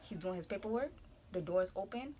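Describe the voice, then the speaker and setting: A young woman telling a story in blunt, casual chat with a friend, dropping low for emphasis. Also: expressive, brisk, crowd noise. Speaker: guest friend.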